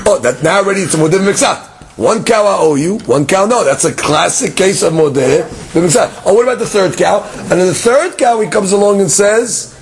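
Gravelly, lively man teaching a Talmud class. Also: sits high, fairly quick, slight background noise. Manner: lively, leaps between English and Hebrew text reading, acts out case dialogues.

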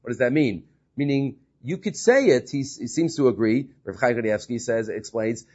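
A man's voice: medium pitch, animated, moderate pace, a little mellow, slightly rough. A man teaching a Talmud study class, reading Hebrew and Aramaic text and paraphrasing it with frequent fillers and restarts. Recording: dull lo-fi recording.

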